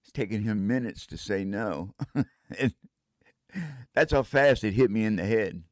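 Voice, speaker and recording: A man's voice: on the low side, a little slow, no echo, clean studio sound. An older man telling a casual first-person story in a rambling way, breaking into vocal sound effects.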